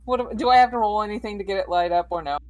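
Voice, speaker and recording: A woman playing a tabletop game, expressive and playfully complaining, swearing freely. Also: medium pitch, very fast. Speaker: player.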